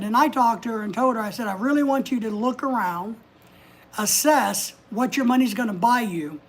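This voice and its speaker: A woman hosting a casual livestream from home, chatting, giving advice and reading out viewer comments. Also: a little high. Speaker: livestream host.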